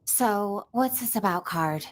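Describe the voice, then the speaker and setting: A woman's voice: mid-range voice, animated, takes it slowly, soft background music. A woman playing a young female smuggler recruit in a fan film, with a snobby sounding voice. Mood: wary.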